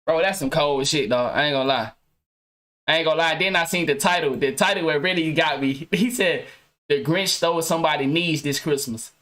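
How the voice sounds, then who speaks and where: A man's voice: on the high side, fairly quick, a bit bright. A man hosting his own podcast, ranting casually to viewers with loose slang, heavy cursing and frequent restarts. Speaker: podcast host.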